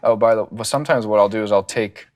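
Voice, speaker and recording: A man in a recording studio, casually talking through song ideas and humming melody lines in falsetto as he goes. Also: fast talker, music in the background. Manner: loose, thinking aloud, hums melody ideas in falsetto. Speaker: songwriting teacher and producer. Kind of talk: casual studio songwriting session.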